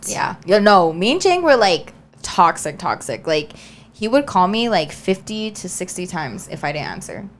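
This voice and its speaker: A young woman co-hosting a podcast, telling a story in a chatty, animated way with lots of fillers. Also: fairly low pitch, moderate pace, a little hiss or hum. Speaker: podcast co-host. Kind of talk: casual storytelling chat.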